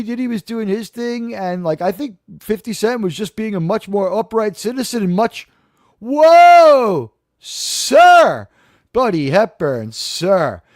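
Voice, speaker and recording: A man's voice: sits high, dry recording, clean studio sound. A man hosting a live talk stream, rambling and sarcastic, from New York. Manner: sarcastic, rambling, shifts loud and soft. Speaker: live show host. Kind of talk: casual livestream monologue.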